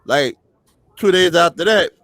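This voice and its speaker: A man in casual livestream chat, telling a joke in a quick storytelling way. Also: sits high, animated, a bit bright, no echo.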